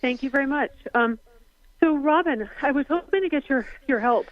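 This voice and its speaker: A woman's voice: high-pitched, normal speed. A woman calling in to a radio show, polite and hesitant, out of breath. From Seattle area. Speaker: caller. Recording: dull dry phone line.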